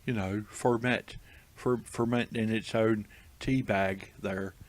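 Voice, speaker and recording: Male comic reader, lowish voice, dry and amused, casual asides. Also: steady tone, slow. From United States. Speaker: comedic reader of tweets. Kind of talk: casual comedic commentary.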